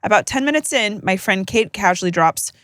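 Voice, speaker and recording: A woman co-hosting a podcast, reading listener stories aloud with joking, animated banter. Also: mid-range voice, fairly quick, no echo, studio quality. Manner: animated, joking, laughs mid-sentence. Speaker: podcast co-host.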